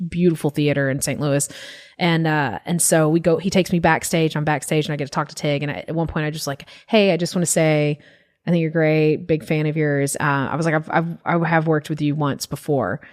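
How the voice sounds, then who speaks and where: A young woman comedian with a drawl, slightly low-pitched, telling a long story in an animated, casual way. She swears freely and slips into the voices of the people she quotes. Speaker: guest comedian.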